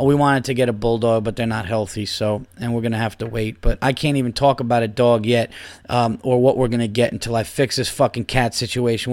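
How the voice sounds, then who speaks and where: A man's voice: mid-range voice, no echo, clean studio sound. A man hosting a podcast, telling a rambling story in casual chat, swearing a lot and laughing as he goes. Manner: profane, rambling, laughs through stories. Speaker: podcast host.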